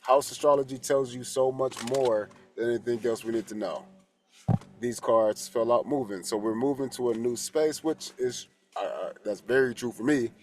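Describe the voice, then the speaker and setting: Man, casual tarot coach, rambling, candid, curses freely, middle pitch, faint background hiss. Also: moderate pace, darkish tone. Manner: rambling and candid, swears freely, restarts often. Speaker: holistic coach and tarot reader. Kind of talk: casual spoken reflection.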